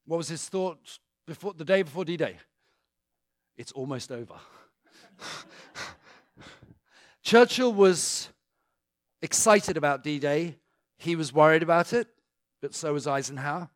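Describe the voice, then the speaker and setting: A man's voice: on the high side, unhurried, pauses often, no echo, clean studio sound. A British man giving a joking, conversational church talk to a congregation and taking questions. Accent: British English. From Britain. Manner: chatty and joking, with asides to the audience. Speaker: guest speaker.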